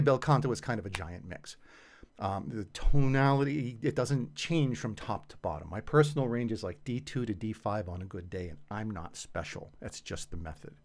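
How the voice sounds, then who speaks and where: Male singing teacher with lively intonation. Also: mid-range voice. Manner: conversational, explains patiently with casual fillers. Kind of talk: explanatory voice lesson.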